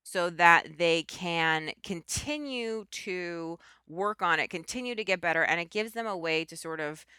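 Female podcast host, lowish pitch, tense bright tone, chatty and rambling. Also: unhurried, hardly any pauses, clear, resonant tone, no room sound, studio quality. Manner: enthusiastic, rambling with asides. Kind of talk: casual chat.

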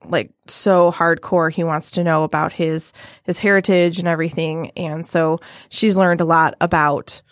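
Woman podcast co-host, lowish voice, loose rambly chat, dry close sound. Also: flat delivery, normal speed, dry recording. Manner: rambling, many fillers and restarts. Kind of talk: casual chat.

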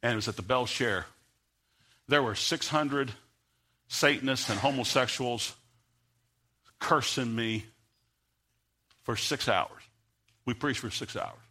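American man, preacher, bright forceful voice, storytelling sermon that swells into fiery preaching. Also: mid-range voice. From United States. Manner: builds from quiet storytelling to loud, fervent preaching.

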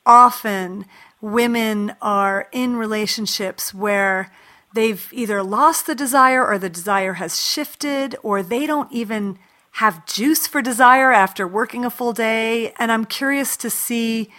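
An eager woman host leads the interview and winds through long, effusive questions. Her voice is bright and forward. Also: a little high, takes it slowly. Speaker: podcast host. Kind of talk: interview and scripted intro.

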